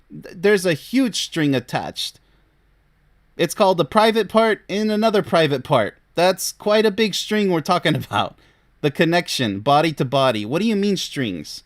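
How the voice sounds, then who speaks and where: A man's voice: sits high, very animated, normal speed. A man, a relationship coach, reacting to a case with scolding, incredulous commentary and laughing between remarks.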